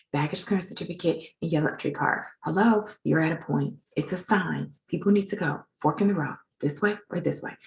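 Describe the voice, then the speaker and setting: A woman's voice: lowish voice, vocal fry, low-quality recording. A woman teaching legal writing in an informal recorded lecture, chatty and self-deprecating as she edits her slides.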